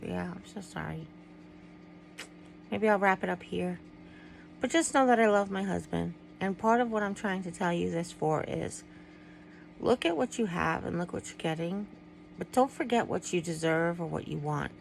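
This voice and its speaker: A woman's voice: lowish voice, moderate pace, creaky, slight background noise, low-quality recording. A middle-aged woman vlogging to her viewers in a candid, rambling way, often trailing off and restarting. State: tearful at times. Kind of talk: personal vlog, talking to viewers.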